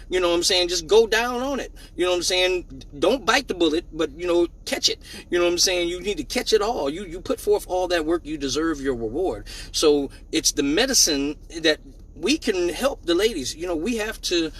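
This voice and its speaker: Husky high-voiced man hosting a livestream. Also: low-quality recording. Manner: joking mock-serious preaching, loud bursts of laughter. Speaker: live show host. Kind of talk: crude comedic live stream chat.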